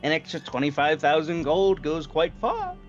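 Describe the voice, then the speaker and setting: A man's voice: on the high side, huge pitch swings, moderate pace, lo-fi sound, faint music behind. A man running a tabletop game as dungeon master, narrating loosely with lots of fillers and laughter.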